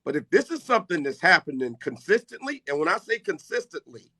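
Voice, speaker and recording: A man's voice: a little high, sing-song, brisk, bright, forceful tone, no room sound. A middle-aged man hosting a casual live chat, talking brash and boastful. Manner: brash, boastful trash talk. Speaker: live stream host.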